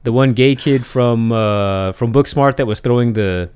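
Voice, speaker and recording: A man's voice: mid-range voice, measured pace, a little mellow, slight background noise. A man co-hosting a podcast in casual chat, giving short replies and dry, teasing remarks. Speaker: podcast co-host.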